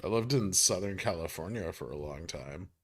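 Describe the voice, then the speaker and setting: Low-voiced guy from new york doing a chill stock stream, reads chat out loud, swears now and then. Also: lively intonation, moderate pace. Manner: offhand, reads chat questions aloud, swears casually. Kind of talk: casual livestream chat.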